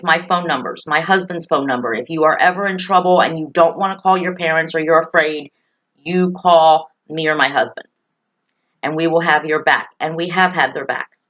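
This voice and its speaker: A woman's voice: on the low side, a bit bright. Earnest woman repeating reassurances, lo-fi sound. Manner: emphatic, repeats key phrases for reassurance. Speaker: host. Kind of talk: earnest direct talk to parents and children.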